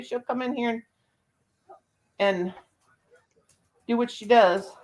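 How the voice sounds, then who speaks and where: A woman's voice: a little high, animated, measured pace, creaky, long pauses, a little mellow, a little hiss or hum, low-quality recording. An older woman chatting casually as a host, laughing often and cooing baby talk to her dogs. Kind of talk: casual chat.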